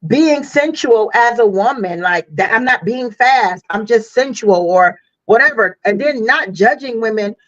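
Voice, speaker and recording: A woman's voice: a little high, animated, measured pace, dry recording. Frank woman on a dull, dry line. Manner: frank, chatty, slangy. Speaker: podcast co-host. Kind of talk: casual podcast chat.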